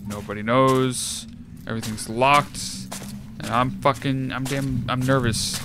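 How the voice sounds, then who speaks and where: A man giving casual, profane, excitable commentary while playing a video game. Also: medium pitch, unhurried. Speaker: let's play gamer. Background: game music.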